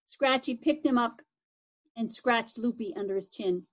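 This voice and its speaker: High-voiced woman reading a chapter book. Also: moderate pace, rough recording. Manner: casual, with occasional slips and restarts. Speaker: reader.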